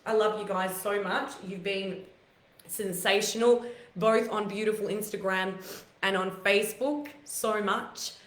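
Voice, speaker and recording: A woman hosting a live online talk, emotional and close to tears, giving heartfelt, rambling encouragement with many fillers in a voice rougher and deeper than her usual. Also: steady tone, a little slow. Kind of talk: live-stream motivational talk to viewers. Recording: echoey room.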